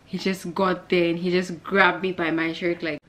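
A woman's voice: fairly low pitch, normal speed. Chatty young woman. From Zambia. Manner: animated, chatty, addresses viewers directly. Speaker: vlogger. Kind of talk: casual storytime vlog.

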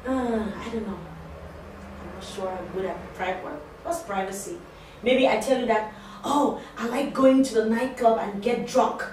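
In a classroom or training room, a woman talks to her class of assistants at an unhurried pace, her voice a little high and a little mellow. She keeps it conversational, going over her points again and asking the class questions, and the recording is very echoey, distant-miked and faintly noisy.

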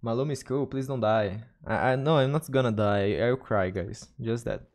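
A man's voice: mid-range voice, moderate pace, a little mellow. A man with a Brazilian Portuguese accent, streaming a game and chatting to viewers in English, often repeating and restarting his words. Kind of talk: casual gaming livestream chat.

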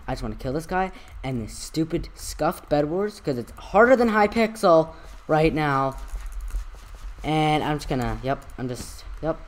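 A gamer giving excitable solo gameplay commentary with a strained voice, yelping and trash-talking opponents. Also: mid-range voice, low-quality recording. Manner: excitable, yelps and trash-talks.

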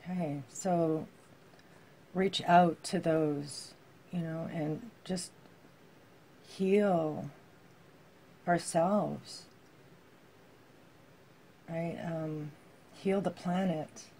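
A woman giving a heartfelt tarot reading to her viewers, reading card texts aloud and musing softly with many fillers. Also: low-pitched, steady tone, very slow, pauses often, a little hiss or hum. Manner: soft-spoken, heartfelt, with frequent fillers. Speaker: tarot reader.

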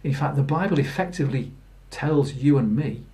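A man's voice: medium pitch, lively intonation, normal speed, darkish tone. A man preaching a Good Friday sermon in plain storytelling, earnest, with fillers and restarts. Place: church.

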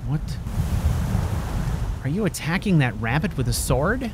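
A man's voice: fairly high pitch, very animated, a little slow, background noise. A man role-playing a character in a video game, chatting in a jokey way and talking to his companion dog. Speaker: role-play gamer.

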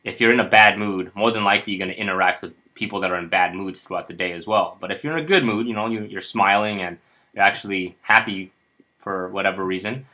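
A man's voice: low-pitched, fast talker, sharp tone. A man casually walking viewers through a personal finance spreadsheet, chatty and upbeat, with many fillers and restarts. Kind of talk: casual screen-share tutorial.

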